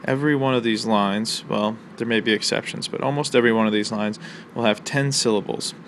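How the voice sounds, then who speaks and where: A man with a gravelly, creaky voice walks students through a poetry lesson in a relaxed, explanatory way, often pausing on ums and uhs. He records from a small room with a faint hiss of air conditioning behind him. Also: fairly low pitch. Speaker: college English instructor.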